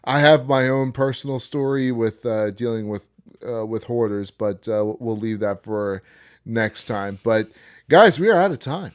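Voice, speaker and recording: A man's voice: medium pitch, unhurried, smooth, no room sound, studio quality. A man hosting a casual podcast, wrapping up in an easygoing way with lots of filler words. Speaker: podcast host.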